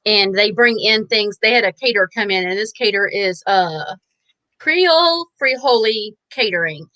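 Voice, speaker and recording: A woman's voice: mid-range voice, expressive, moderate pace, pushed and bright, dry recording. A middle-aged woman co-hosting a live chat, telling folksy stories with trailing restarts. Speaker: podcast co-host. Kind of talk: casual chat on a live stream.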